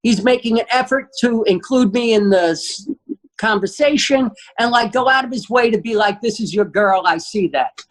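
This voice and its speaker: A man's voice: very high-pitched, moderate pace, rough recording. New guy on a podcast telling a wild story, swearing a lot, doing all the voices. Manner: animated, profane storyteller acting out quotes. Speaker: guest comedian. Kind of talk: comedic storytelling.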